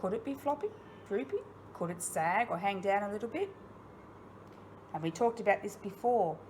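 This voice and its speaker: An Australian woman, a primary school teacher, records an online lesson for young children, talking straight to her pupils with questions, encouragement and plenty of expression. Her voice sits in the mid-range with a darkish tone and lively intonation, and she keeps a moderate pace. A little hiss or hum runs underneath.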